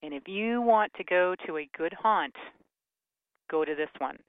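A man's voice: sits high, animated, unhurried, no room sound. Chatty male radio co-host, lo-fi. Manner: chatty, upbeat self-promotion. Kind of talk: casual radio talk. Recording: phone-like lo-fi radio sound.

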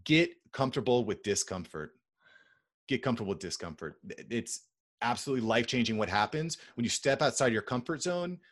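A man's voice: medium pitch, animated, a little fast. A man as a podcast guest, speaking confidently in casual chat and repeating key points for emphasis.

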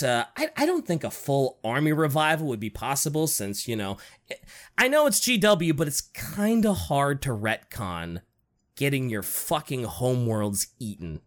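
Man, casual chat host, lively swooping pitch, giggly, rambling, swears a lot. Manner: animated, giggly, profane, rambling.

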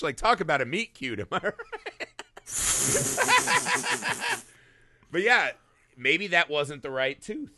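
A man hosting a casual film discussion podcast, animated and peppering his talk with "right?". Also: sits high, takes it slowly, pauses often, very noisy. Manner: animated, swearing, frequent "right?". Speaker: podcast host.

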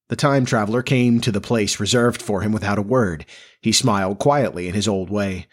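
A man narrating a classic novel in a measured, even storytelling manner. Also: lowish voice, husky. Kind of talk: audiobook reading of a classic novel.

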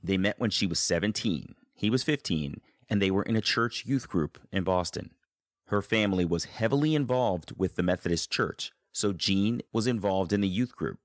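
A male host reading scripted narration for a radio story in a calm, measured tone. His voice sits very low. The sound is close and dry, with no room around it. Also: dry recording.

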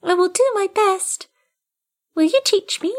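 A woman doing a squeaky newborn kitten. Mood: wondering. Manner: high, slow and wondering. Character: tiny newborn kitten, wide-eyed and eager.

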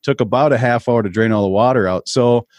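Animated storyteller man from Minnesota. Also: medium pitch, a little fast, no echo. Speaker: podcast guest. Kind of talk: casual chat.

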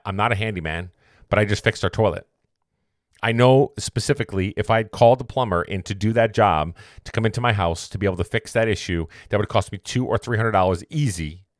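A man's voice: deep voice, dry recording, studio quality. A man hosting a podcast, telling a long story in a rambling, self-correcting way before turning it into a motivational point. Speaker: podcast host. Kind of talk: casual storytelling monologue.

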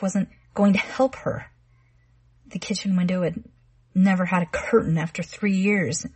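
A woman narrating a literary short story in a measured, quiet reading style. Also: on the low side, creaky, slightly rough, no room sound.

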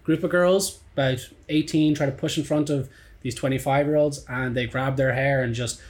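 A man's voice: mid-range voice, steady tone, moderate pace, darkish tone. A man in his twenties with an Irish accent, telling rambling stories in casual chat, full of restarts and swearing. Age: 20s.

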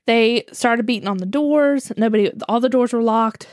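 A woman's voice: on the high side, normal speed, darkish tone, dry recording, clean studio sound. A woman with a West Virginian accent, chatting as a podcast co-host and telling a true-crime story, laughing often as she talks.

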